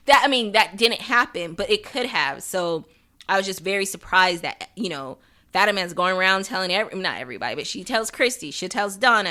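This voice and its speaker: A woman's voice: on the low side, sharp tone. A young woman hosting a podcast, chatting casually through an episode recap, laughing often and acting out quotes. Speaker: podcast host.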